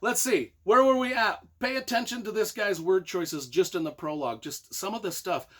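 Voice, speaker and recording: An excitable man with a high voice reviews books in a casual, rambling way. He piles up repeated phrases and swells into loud, emphatic bursts of enthusiasm. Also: moderate pace. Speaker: book reviewer.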